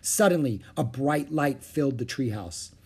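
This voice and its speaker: A man reading a children's chapter book aloud, with expressive narration. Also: mid-range voice, moderate pace, breathy edge. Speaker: storyteller.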